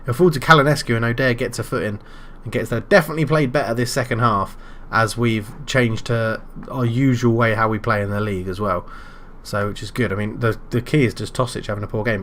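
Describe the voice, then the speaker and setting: A British man commentating his own football management game, calm between moves and shouting loudly when his side scores. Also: mid-range voice, fast talker, few pauses. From Britain. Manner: excitable, bursts into loud shouting at goals. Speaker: gaming YouTuber.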